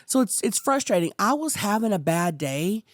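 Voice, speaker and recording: A woman co-hosting a podcast in casual chat, playful with sudden excited squeals. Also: mid-range voice, moderate pace, no echo, clean studio sound. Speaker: podcast co-host.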